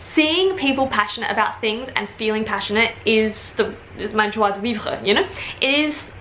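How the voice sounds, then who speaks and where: Woman, twenties, Australian accent with British influence, chatty and rambling, bright tense voice, roomy echo, faint hum. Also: fairly high pitch. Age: 20s. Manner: chatty, rambling, quick asides. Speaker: vlogger. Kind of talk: casual chat to camera. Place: at home, indoors.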